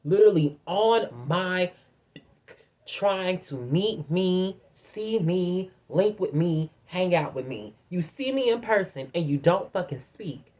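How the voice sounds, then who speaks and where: A young woman vents to her viewers in a casual storytime rant, blunt and heavy on swearing. Her voice sits fairly low, yet it swings widely up and down as she acts out what others said. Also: slow pace. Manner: profane, blunt, animated storytelling with put-on quotes. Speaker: vlogger.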